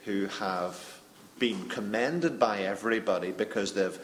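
A man leads a panel discussion in a reflective, earnest way, pausing and restarting as he thinks. His voice sits on the low side, with faint noise behind. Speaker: panel moderator.

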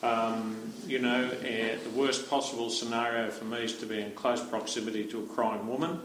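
An Australian man answers as a panel guest in a frank, self-deprecating way. He stops and restarts his sentences. His voice sits at an ordinary pitch and carries a roomy echo, with faint noise behind. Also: flat delivery, moderate pace, fairly bright tone. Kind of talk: panel discussion.

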